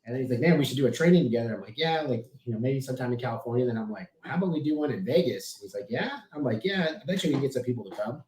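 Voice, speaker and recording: A brash man rattles off profane, boastful stories at a rapid clip. His voice sits in a middling register. The recording is echoey and carries steady background noise. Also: mid-range voice. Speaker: podcast guest, business owner. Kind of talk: casual podcast chat.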